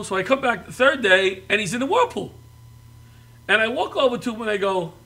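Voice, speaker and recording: A middle-aged man telling animated stories as a talk show guest, laughing and getting loud as he acts out quotes. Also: high-pitched, brisk. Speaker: comedian guest.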